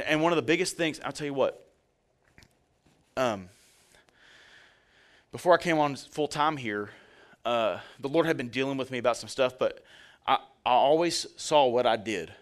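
A man's voice: mid-range voice, moderate pace, pauses often. A male pastor giving a sermon in a conversational, joking way, speaking directly to his congregation.

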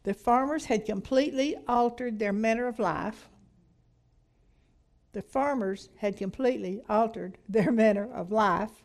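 A middle-aged woman leads a women's Bible study, reading aloud from a book and commenting, with frequent hallelujahs and laughter. Her voice is on the high side and a little slow.

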